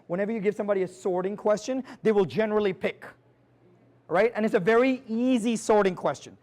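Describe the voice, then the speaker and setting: Man, high voice, live seminar trainer, energetic, emphatic, rhetorical questions, chatty restarts. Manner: quick, conversational, with frequent restarts and "like" and "right?". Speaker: sales trainer presenting to an audience.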